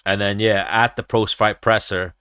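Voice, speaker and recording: Brash profane young man, bright voice. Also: lowish voice, steady tone, normal speed, clear, resonant tone, no room sound. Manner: profane, rambling storyteller who slips into impressions. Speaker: show host. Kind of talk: casual livestream chat.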